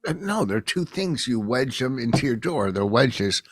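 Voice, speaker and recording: A middle-aged man, a comedian co-hosting a podcast, telling stories in a gruff, loud way. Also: medium pitch, big pitch swings, moderate pace, dry recording, studio quality. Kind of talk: casual bickering chat.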